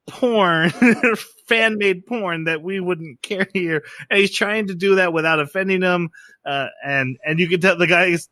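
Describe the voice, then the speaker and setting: A man's voice: high voice, dry recording. A man hosting a podcast, casually recapping an episode and acting out the characters' lines in raised voices. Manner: animated recapping, acts out quotes in raised voices. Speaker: podcast host.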